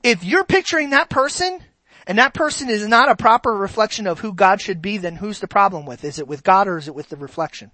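A preacher giving a sermon, animated and asking the congregation rhetorical questions. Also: medium pitch, a little fast, no room sound, low-quality recording.

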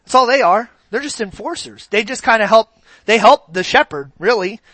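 High bright-voiced male preacher. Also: lively intonation, moderate pace, dry recording. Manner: conversational, asks the congregation questions. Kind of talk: sermon.

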